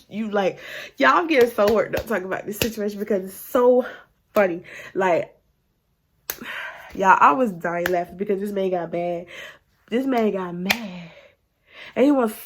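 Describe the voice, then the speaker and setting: A woman in her twenties telling a story to camera in a sassy, animated way, often sighing and laughing and sometimes dropping into a hushed aside. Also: mid-range voice, a little hiss or hum. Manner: drops to a hushed aside at times.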